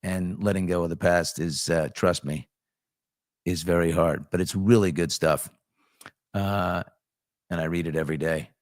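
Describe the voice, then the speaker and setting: A man with a low-pitched voice hosts a loose, conversational show. He riffs on the news and on viewer comments, with plenty of ums and restarts. The sound is dry and close, with no room around it. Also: steady tone, normal speed, long pauses, no echo. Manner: chatty, off-the-cuff, frequent ums and restarts. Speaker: host. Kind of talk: casual morning chat reading viewer comments.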